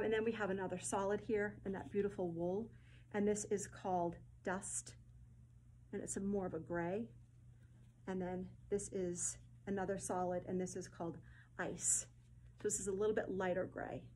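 A woman hosting a casual showcase of fabrics, effusive and gushing, often repeating her words and filling pauses with ums. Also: mid-range voice, darkish tone, a little hiss or hum, rough recording. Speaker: host presenting fabric collection.

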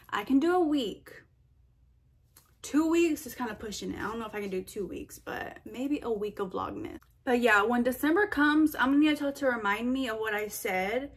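A young woman answering viewer questions in a casual vlog, chatty and animated, full of fillers and quoted asides. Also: fairly high pitch, husky. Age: young adult. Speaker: vlogger.

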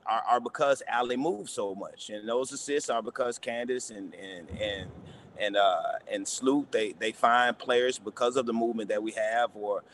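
A man, a basketball coach, answering press questions in a halting way, repeating words and using many fillers. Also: medium pitch, fairly bright tone, slight background noise.

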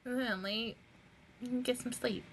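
A woman's voice: a little high, steady tone, a little slow, slight background noise, rough recording. A woman reacting to an anime episode, pleading and laughing a lot as she talks to herself. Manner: emotional, pleading, laughs often. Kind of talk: casual reaction commentary.

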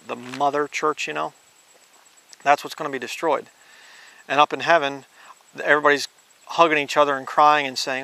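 Gravelly male preacher reading scripture. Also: medium pitch, sharp tone. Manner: reads scripture slowly, then blunt conversational asides. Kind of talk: informal Bible teaching.

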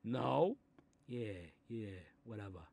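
A man voicing a short-tempered Italian-American mob boss who grumbles, swears and threatens, in a comedic animated role. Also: medium pitch, slow pace, full character voice. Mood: gruff menacing. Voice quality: gravelly, threatening. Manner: grumbling asides, sudden angry outbursts, swearing. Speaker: mob boss reading a children's book.

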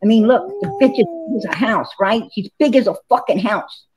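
A woman's voice: a little high, very animated, normal speed, a little mellow, a little hiss or hum, rough recording. A woman in a played clip, ranting in a profane, hostile way. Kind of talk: angry livestream rant.

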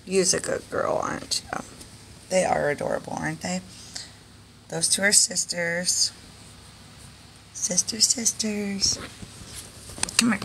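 A woman hosting a casual live stream with her pet chinchillas, coaxing them in soft baby talk and chatting to viewers. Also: on the low side, takes it slowly, gravelly, long pauses, a little hiss or hum.

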